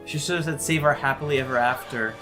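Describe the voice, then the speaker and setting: A woman hosting a movie reaction video, chatting casually and giving quick, opinionated asides. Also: very deep voice, music in the background.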